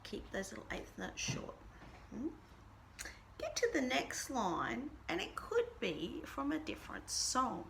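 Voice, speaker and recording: Slow-talking band teacher woman. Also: fairly high pitch, wildly swooping pitch, vocal fry, fairly bright tone, a little hiss or hum. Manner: sings rhythms aloud on nonsense syllables; patient, explains step by step. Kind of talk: recorded music lesson.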